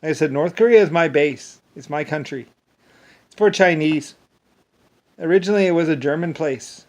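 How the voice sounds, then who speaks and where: A man's voice: on the high side, darkish tone. A man in a rambling, angry monologue that keeps repeating itself and often stumbles over restarts. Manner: angry, repetitive ranting with profanity.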